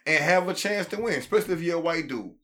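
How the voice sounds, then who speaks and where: A man with a somewhat high voice chats on a podcast. He is animated and profane and often restarts with stammered repeats. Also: fast talker, background noise. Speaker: podcast co-host. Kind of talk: casual podcast banter.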